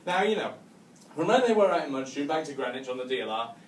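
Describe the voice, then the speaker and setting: A man's voice: mid-range voice, sing-song, quick pace, reverberant, recorded from a distance. Cumbrian bloke doing stand-up, keeps saying right?, laughs at his own bits, faint room hum. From northwest England (Cumbria). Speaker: stand-up comedian. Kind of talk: stand-up comedy storytelling. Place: hotel function room, live audience.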